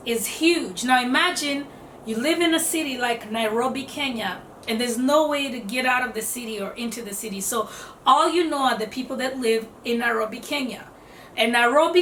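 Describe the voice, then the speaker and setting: A woman's voice: fairly high pitch, fairly bright tone, roomy sound, recorded from a distance, slight background noise. A woman giving casual self-development advice in a conversational way, explaining with rhetorical questions.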